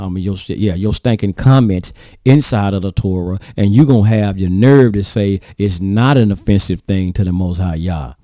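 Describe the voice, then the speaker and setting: Male preacher, folksy and questioning, mellow tone, dry close sound. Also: on the low side, no room sound. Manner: folksy, rhetorical questioning, addresses audience as y'all. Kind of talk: sermon reading and commenting on scripture.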